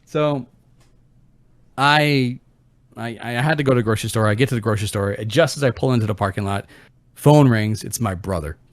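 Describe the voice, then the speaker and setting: A man hosting a podcast, telling a family story in a casual, animated way, swearing freely and acting out what his relatives said. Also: medium pitch, brisk, long pauses, no room sound. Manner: swearing, animated, voices his mother and brother in quotes. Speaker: podcast host.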